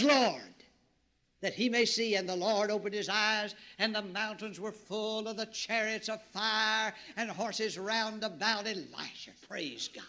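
A middle-aged man preaching a sermon, telling the story in an animated way and breaking into shouts and exclamations. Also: high-pitched.

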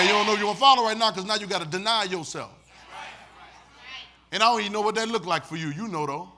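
A man preaching a sermon with folksy, laughing asides, leading call-and-response and swinging from quiet talk to shouts. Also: high voice, slight background noise. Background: congregation responding.

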